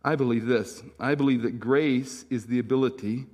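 A middle-aged man preaching a sermon as senior pastor, talking conversationally with asides to the congregation. He swings between loud, punchy lines and soft, slow, hushed ones. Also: medium pitch.

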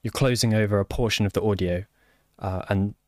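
Low-voiced man, halting casual chat. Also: fairly even intonation, darkish tone, dry recording, studio quality. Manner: halting, full of fillers and restarts. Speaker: software developer. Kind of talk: casual conversation.

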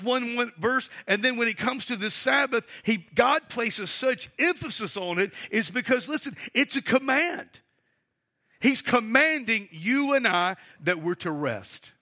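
A man's voice: very high voice, animated, a little slow, sharp tone. A middle-aged male pastor preaching a sermon, emphatic and asking the congregation for responses.

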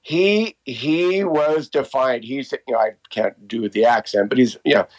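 A man's voice: medium pitch, a little slow, rough recording. A man in his fifties tells stories casually in an interview, rambling with many fillers and restarts. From Canada. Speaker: interviewee, walking tour guide. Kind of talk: casual storytelling.

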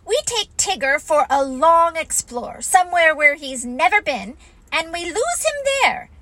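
A woman plays a fussy storybook rabbit, bossy and self-important, laying out his plans with firm emphasis. The voice rides high and bright and swings about lively. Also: unhurried, no echo, exaggerated voice. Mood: scheming. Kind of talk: storybook reading.

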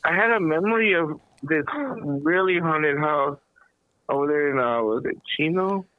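A man with a fairly high voice tells a rambling, animated story as a podcast host. The sound is thin and phone-like, and completely dry. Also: unhurried, no room sound. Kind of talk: casual storytelling chat.

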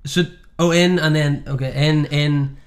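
A man's voice: a little high, steady tone, measured pace. A young man, chatting casually and teasing his friend as he coaches rhymes. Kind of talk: casual chat.

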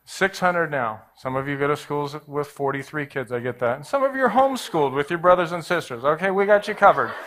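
A pastor in his forties tells a story from the pulpit, his voice a touch higher than most men's. He drops to near-murmurs and then surges into loud, excited bursts, acting out the people in his tale. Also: a little fast, hardly any pauses. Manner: animated, jumps between hushed and loud, acts out voices. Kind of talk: storytelling sermon.

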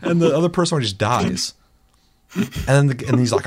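A man's voice: medium pitch, brisk, breathy edge. A young man hosting a casual chat, telling gaming stories with lots of swearing and acted-out quotes. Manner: animated storytelling, acting out quotes, swears often. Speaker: podcast host.

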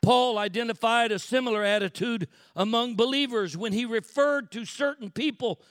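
A pastor preaching a sermon, shifting from quiet, reflective talk to loud, shouted exhortation. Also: male voice, extremely high pitch, moderate pace.

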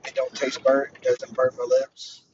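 A man's voice: medium pitch, monotone, moderate pace. A man co-hosting a casual podcast in a laid-back, teasing way, laughing often. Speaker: podcast co-host. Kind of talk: casual chat. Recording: distant lo-fi mic with clear background noise.

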